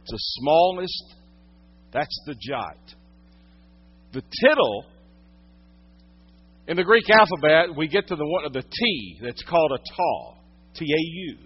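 A man preaching a sermon, teaching from the Bible, swinging from loud emphatic lines to hushed quiet ones. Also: on the high side, sing-song, slow pace, long pauses, husky, muffled recording. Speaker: pastor.

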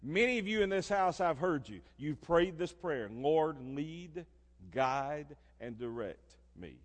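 A man's voice: medium pitch, very animated, measured pace. Older preacher man in a reverberant church. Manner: swings from soft murmur to loud emphatic preaching. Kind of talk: sermon. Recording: long reverb of a church hall.

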